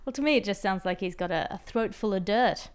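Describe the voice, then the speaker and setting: Wry woman with a smooth, clear voice. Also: mid-range voice, fairly quick. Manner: dry, wry, mock-formal. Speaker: comedy podcast host. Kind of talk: casual comedy banter.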